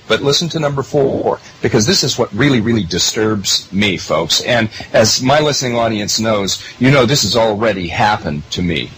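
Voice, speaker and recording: A man's voice: a little hiss or hum, rough recording. A man hosting a political commentary monologue for his listeners, emphatic and full of rhetorical questions. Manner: emphatic, rhetorical questions, lively pitch swings.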